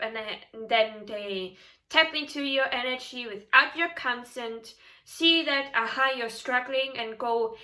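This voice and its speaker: A woman tarot reader giving casual vlog advice, animated and emphatic, often laughing. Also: a little high, unhurried.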